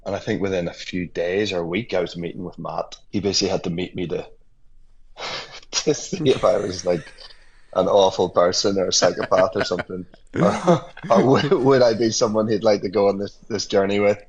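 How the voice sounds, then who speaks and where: A man in his forties, a guest actor in a casual radio conversation, reflective and quick to laugh. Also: low-pitched, slightly rough. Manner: reflective, laughs often, many restarts.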